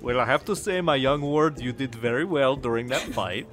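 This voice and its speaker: A man's voice: medium pitch, moderate pace, fairly bright tone, faint music behind, natural voice. A man voicing a haughty male adventurer who speaks to his young ward with lofty, slightly condescending approval. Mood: approving.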